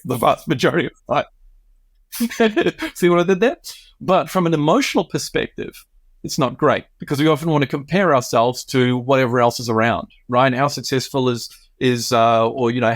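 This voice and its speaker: A man co-hosting a relaxed podcast, walking through his points in a measured, explanatory way. His voice sits at an average pitch. The recording is close and dry. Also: dry recording. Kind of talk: casual podcast chat.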